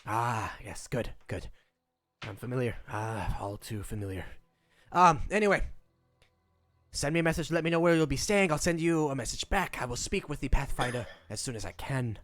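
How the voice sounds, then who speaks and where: A man voicing a small, gravelly male gnome official who is eager and a little pompous, with a habit of saying "yes, yes.". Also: mid-range voice, lively intonation, moderate pace, fairly bright tone, faint music behind, natural voice. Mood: businesslike. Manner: fussy, repeats "yes, yes".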